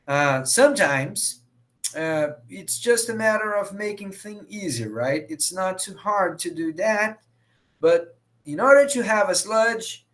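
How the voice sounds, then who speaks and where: A man's voice: high voice, fairly bright tone. A man from Brazil with a Brazilian Portuguese accent, giving a bilingual lecture and acting out quoted dialogue in his anecdotes. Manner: switches between English and Portuguese, acts out quoted dialogue. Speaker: professor lecturing.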